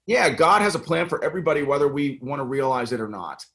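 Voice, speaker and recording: A man's voice: on the high side, lively intonation, fast, gravelly, fairly bright tone, slight background noise. A middle-aged American man speaking earnestly in a casual interview as a congressional candidate, with many fillers and restarts. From United States.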